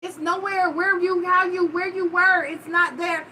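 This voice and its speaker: A woman hosting a live-stream chat, telling stories in a blunt, profane, animated way. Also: very high-pitched, a little slow, slight background noise, poor audio. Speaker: host.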